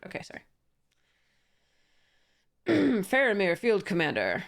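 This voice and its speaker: A woman's voice: fairly low pitch, animated, a little slow, pauses often. Chatty woman opening card packs. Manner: chatty, reads card text aloud, frequent fillers and laughs. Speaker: card game YouTuber. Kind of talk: casual pack-opening commentary.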